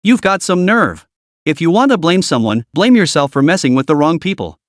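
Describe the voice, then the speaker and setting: A thuggish security captain who taunts and sneers at his target, as a male narrator puts him on. The pitch sits a bit high, with a dry, close sound. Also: sing-song, normal speed, dry recording. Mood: mocking.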